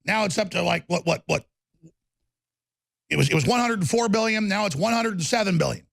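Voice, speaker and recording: Brief: heated talk-show host, high raspy voice, dry studio mic, repetitive shouting bursts. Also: male voice, animated, brisk, no room sound. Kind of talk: angry political rant.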